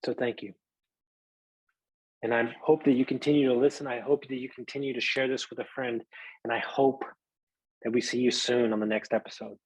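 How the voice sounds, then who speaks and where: A man's voice: medium pitch, flat delivery, fairly quick, pauses often, breathy edge, no echo, low-quality recording. A man hosting a podcast, giving an emotional, earnest thank-you to his co-host and listeners, swearing casually. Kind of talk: heartfelt thank-you monologue.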